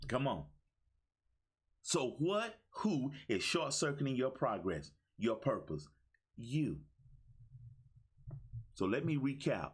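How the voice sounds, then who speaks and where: Speaking slowly with long pauses, a motivational speaker in his fifties livestreams an exuberant talk in a call-and-response manner like a preacher. His mid-range voice is husky and sing-song, captured on a phone mic.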